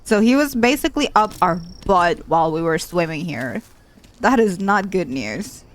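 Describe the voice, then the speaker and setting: A woman's voice: lowish voice, lively intonation, moderate pace. A woman hosting a let's play who gives casual, chatty commentary and repeats exclamations when something startles her.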